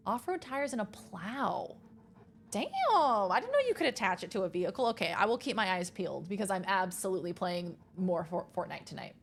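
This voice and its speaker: A woman's voice: medium pitch, brisk, vocal fry, a little hiss or hum. Chatty young woman streamer. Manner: chatty, reading chat aloud, easily rattled and excitable. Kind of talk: casual chat with stream chat while gaming.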